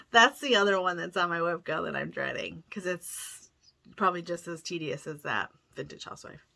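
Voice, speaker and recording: Woman, middle-aged, bright tone, chatty and enthusiastic, casual vlog talk. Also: fairly low pitch, normal speed, gravelly. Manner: chatty and enthusiastic, with frequent laughs and self-corrections. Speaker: cross-stitch vlogger. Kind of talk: casual chat showing a haul.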